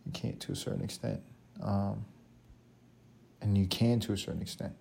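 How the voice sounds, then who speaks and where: A man's voice: on the low side, fairly even intonation, normal speed, creaky, mellow, a little hiss or hum. A man hosting a solo podcast, telling rambling, profane, joking stories in casual talk. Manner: rambling, profane, jokey storytelling. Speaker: podcast host.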